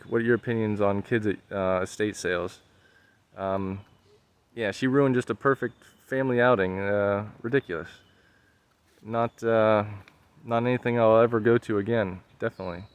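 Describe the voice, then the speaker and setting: Man, somewhat low voice, casual vlog rant, exasperated, halting with fillers. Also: clean tone. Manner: exasperated, repetitive, many fillers and restarts. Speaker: vlogger.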